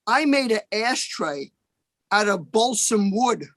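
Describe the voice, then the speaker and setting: Stand-up comic, male, slightly high voice, slow deadpan punchlines, dry close sound on a video call. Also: no room sound. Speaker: open mic comedian. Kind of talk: stand-up one-liners.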